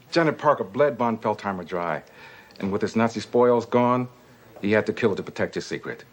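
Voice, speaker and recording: A man's voice: on the low side, animated, normal speed. An actor playing a sarcastic male police superior with a mocking manner.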